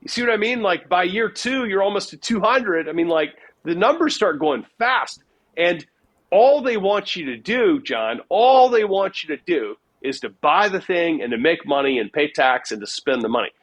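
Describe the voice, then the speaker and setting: Male interview guest, slightly high voice, rambling and animated delivery, casual. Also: moderate pace. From United States. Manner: rambling, animated storyteller, heavy filler words. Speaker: guest investor.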